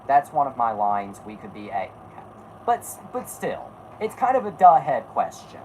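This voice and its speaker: Woman, podcast host, casual chat, low and lively voice, blunt, rambling, swears often. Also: moderate pace, a little hiss or hum, low-quality recording. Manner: blunt, rambling, self-correcting, swears freely.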